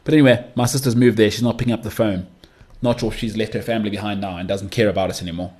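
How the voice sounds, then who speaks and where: A man's voice: lowish voice, steady tone, very fast, darkish tone. A young man hosting a solo podcast, talking in a chatty, rambling way with mocking asides. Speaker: podcast host.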